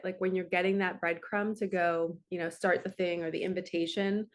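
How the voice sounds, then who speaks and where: A woman's voice: on the low side, flat delivery, moderate pace, hardly any pauses. A woman in her thirties giving a casual spiritual card reading, talking in a chatty, flowing way full of "like" and "right". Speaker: spiritual reader and coach.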